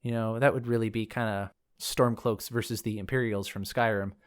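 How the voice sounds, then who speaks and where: A man's voice: fairly low pitch, fairly even intonation, moderate pace, smooth. A man hosting a lore podcast, reading from a book and wandering into casual asides as he thinks aloud. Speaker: podcast host discussing game lore.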